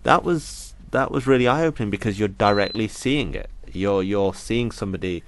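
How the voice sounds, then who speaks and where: In a recording with a little hiss or hum, a young British interview guest speaks very low, earnest and reflective as he shares his story. He stumbles and restarts often and pauses to quote people from his story.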